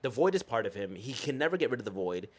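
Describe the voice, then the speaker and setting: A man of middle pitch, co-hosting a relaxed podcast chat. He talks with excitable energy, swears freely and keeps jumping from one tangent to the next. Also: fast talker. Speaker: podcast co-host. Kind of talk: casual chat.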